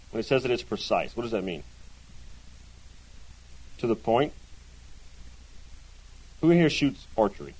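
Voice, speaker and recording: A man's voice: mid-range voice, low-quality recording. A man teaching a Bible class in a chatty way, often asking his listeners questions and checking in with "right?". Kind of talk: conversational Bible lesson to a class.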